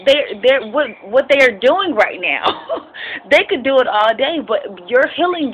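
A woman's voice: a little high, fairly bright tone, lo-fi sound, slight background noise. A young adult woman giving an informal, impassioned devotional talk and personal testimony. She speaks expressively, rambles with restarts and drops in frequent amens. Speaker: Christian vlogger sharing a devotional.

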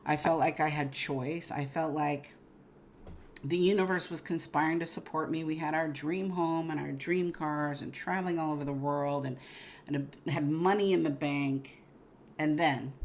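A woman's voice: low-pitched, a little hiss or hum. A woman telling her story as an interview guest, candid and emphatic, swearing freely and laughing often.

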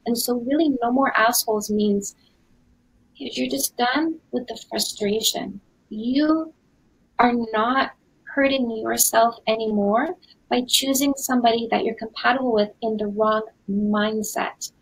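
A Canadian woman in her forties, a dating coach hosting a live webinar in an energetic, chatty way with lots of fillers. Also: a little high, a little slow, slightly rough, low-quality recording. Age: 40s.

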